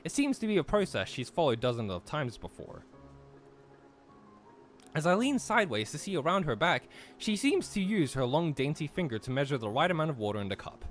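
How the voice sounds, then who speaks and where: Young man, streamer, casual chat, reads narration aloud, fairly high voice, very lively pitch. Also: fairly quick, faint music behind. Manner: chatty, lots of fillers, reads narration at an even clip.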